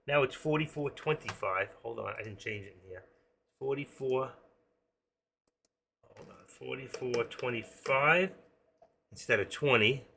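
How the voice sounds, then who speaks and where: A man in his sixties, an excitable day trader who rambles through a casual live-stream commentary with pep-talk asides. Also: mid-range voice, measured pace, vocal fry, pauses often, slight background noise. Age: 60s.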